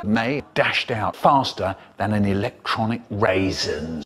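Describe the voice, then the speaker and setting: Slow theatrical male storyteller. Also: fairly low pitch, animated, fairly bright tone, highs cut off, faint music behind. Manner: theatrical, drawn-out, exaggerated pauses and voices. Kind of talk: comic storytelling, spliced into a remix.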